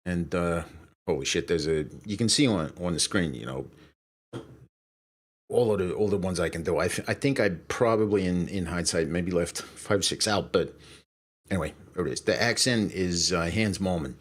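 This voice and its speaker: A man's voice: deep voice, normal speed. A middle-aged man from Brooklyn hosting a livestream, chatting casually in a rambling, profane way with lots of fillers. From Brooklyn, USA. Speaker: streamer and show host.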